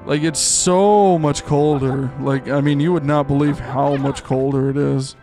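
A young man giving goofy, excitable live commentary while playing a game, rambling with many fillers. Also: medium pitch, measured pace. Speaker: streamer. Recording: faint game music behind.

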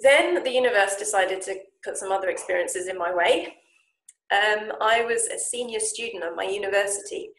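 A woman telling a casual story as a language coach, animated and quick to act out quoted voices. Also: medium pitch. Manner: lively, animated retelling with acted-out quotes. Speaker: Japanese speaking coach and founder. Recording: echoey room.

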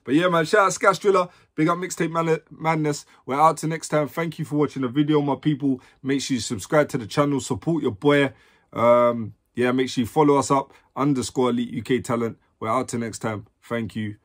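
A man's voice: medium pitch, fairly even intonation, fairly quick. A man from London with a London accent, hosting a music reaction video with hyped, slangy commentary.

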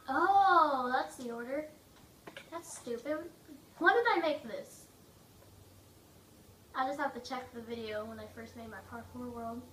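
A woman giving casual, rambling gameplay commentary, joking and mocking herself, her throat a little rough from coughing. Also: high voice, sharp tone, recorded from a distance. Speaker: gaming video maker. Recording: echoey room, away from mic, faint noise.

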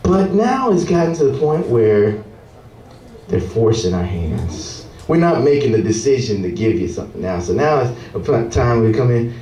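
A man's voice: mid-range voice, moderate pace, a little hiss or hum. A man doing a stand-up comedy set, telling hotel stories and acting out the guests. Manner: animated storytelling, acting out hotel guests and singing waiters. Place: comedy club stage. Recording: roomy club sound from a distant mic.

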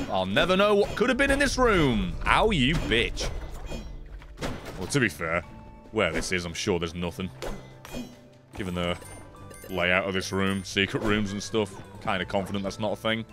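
An excitable man talks through a video game in casual stream commentary, his voice bouncing between low grumbles and high yelps. He swears freely and reacts loudly to every surprise. Faint music plays softly behind him.

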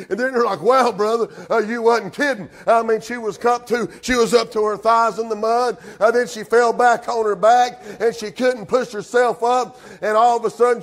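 High-voiced pastor preaching. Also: male voice. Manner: fervent preaching, calls out congregants by name; drawling with frequent "uh" and "amen". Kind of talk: sermon. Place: church sanctuary.

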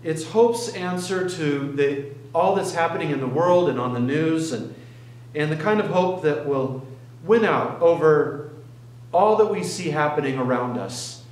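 A male pastor preaching in an earnest, halting manner, pausing and restarting as he tells a story. His voice sits a little higher than most men's, and it rings around a roomy, echoing church. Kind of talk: sermon. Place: church sanctuary.

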